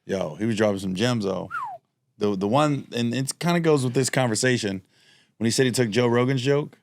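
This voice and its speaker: A man's voice: mid-range voice, fairly quick, gravelly. A man co-hosting a comedy podcast, chatting casually with laid-back reactions. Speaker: podcast co-host. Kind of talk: casual chat.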